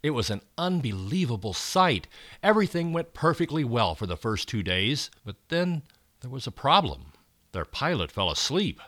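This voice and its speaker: A man reading a children's story aloud, expressive and rising for the exciting moments. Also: mid-range voice, moderate pace, no room sound, clean studio sound.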